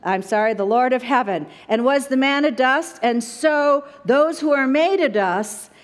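A woman preaching and teaching scripture in an animated way. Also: high voice, unhurried. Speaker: Bible study teacher. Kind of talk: sermon. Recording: echoey hall.

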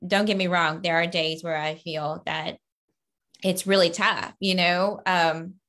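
A woman from Louisiana, a children's book author, giving earnest, upbeat interview answers over a video call with lively bursts in her stories. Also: fairly low pitch, measured pace.

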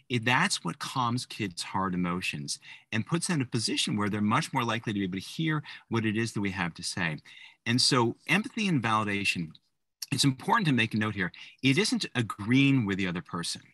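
A man co-authoring a parenting book, talking to parents in a lively, conversational way and acting out what parents and kids say. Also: mid-range voice, a little fast, breathy edge, dry recording. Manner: animated, acts out parent and kid voices. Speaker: co-author giving a book talk.

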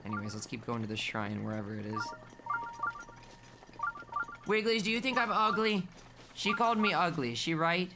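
A gaming streamer offers casual let's-play commentary in a playful, affectionate way, often sinking into a soft murmur. The voice is mid-range and sing-song at a normal speed, with long pauses and game music in the background.

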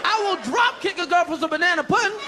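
A man doing a stand-up comedy routine on a large theater stage, loud and animated, shouting his punchlines into a handheld mic. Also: extremely high pitch, fast, in a large hall. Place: large theater stage before a laughing audience. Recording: live concert recording with crowd noise.

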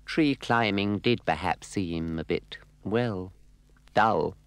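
Deep, arch storybook narrator man. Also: slow, clear, resonant tone, no room sound. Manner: arch, playful and wry.

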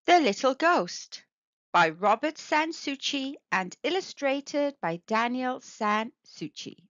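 Kids' storybook reader, woman, slow and expressive; dull lo-fi, dry sound. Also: high-pitched, no room sound. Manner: slow, expressive, sing-song reading for kids. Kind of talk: storybook read-aloud.

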